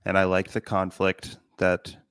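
A man's voice: sits low, completely flat delivery, measured pace, fairly bright tone, smooth, no room sound, clean studio sound. A man co-hosting a podcast, talking about a film in casual chat, hesitant and trailing off with fillers. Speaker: podcast co-host. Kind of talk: casual movie review chat.

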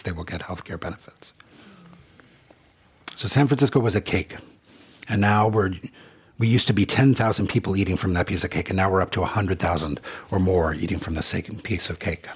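A man's voice: lowish voice, husky. A middle-aged man who drives for and runs a car service, speaking bluntly and plainly in a documentary interview.

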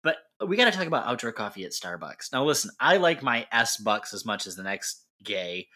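A man's voice: medium pitch, big pitch swings, a little fast, sharp tone. A man with a Michigan accent co-hosting a sports podcast, chatty and playful, laughing often. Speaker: podcast co-host. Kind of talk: casual chat.

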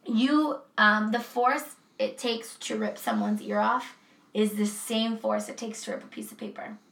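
Chatty, creaky-voiced woman podcast host. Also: a little high, steady tone, measured pace, fairly bright tone, roomy sound. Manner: chatty, effusive, laughs easily. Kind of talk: casual podcast chat.

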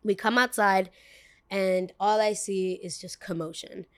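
A woman's voice: medium pitch, steady tone, measured pace. Chatty young woman telling a podcast story. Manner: chatty, peppered with "like", acts out quoted voices. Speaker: podcast host.

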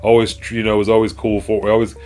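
A man hosting a podcast, chatting casually and rambling while high, losing his train of thought. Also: level tone, fairly quick, warm tone. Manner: rambling, laid-back, trails off. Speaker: podcast host. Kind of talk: casual stoned chat. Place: indoor room with cartoons playing. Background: faint music from cartoons.

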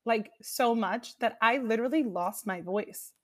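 A young woman chatting casually, telling an animated story and breaking into shrieked cheers as she acts it out. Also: fairly high pitch, unhurried. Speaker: guest storyteller. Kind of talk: casual chat.

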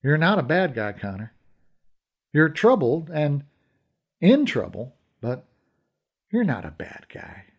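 A man voicing a calm, probing male police detective in an audiobook reading. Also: a little high, slow pace, long pauses, breathy edge, full character voice. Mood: coaxing. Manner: calm, coaxing.

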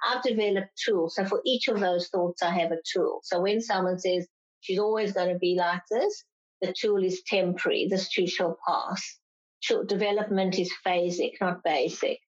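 Explaining woman psychologist, slightly lo-fi. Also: mid-range voice. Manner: explanatory, acts out parents' complaints in raised voices. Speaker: clinical psychologist guest. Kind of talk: interview answers. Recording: slightly dull lo-fi sound.

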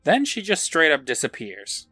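A man's voice: fairly high pitch, huge pitch swings, moderate pace, pushed and bright, no room sound, faint music behind. Guy recapping a show on a podcast, voice jumps all over, laughing and swearing, dry close sound. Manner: laughs while narrating, swears casually, acts out quotes. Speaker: podcast co-host. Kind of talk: casual episode recap.

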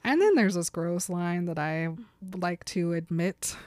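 A woman's voice: fairly low pitch, lively intonation, measured pace, a little mellow, no echo. A woman on a podcast casually retelling a novel's scenes, laughing often and quoting the characters. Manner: giggly, chatty retelling with quoted lines. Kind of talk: casual chat, retelling a book.

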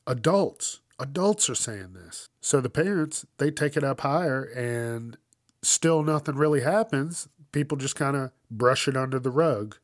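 A man's voice: medium pitch, lively intonation, measured pace, no echo, clean studio sound. A man hosting a casual news commentary show, swearing often and ranting with frequent laughs. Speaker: host.

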